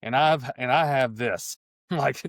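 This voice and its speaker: A man's voice: medium pitch, takes it slowly, no echo, clean studio sound. A middle-aged man co-hosting a casual sports podcast, talking with enthusiasm and many restarts. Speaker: podcast co-host.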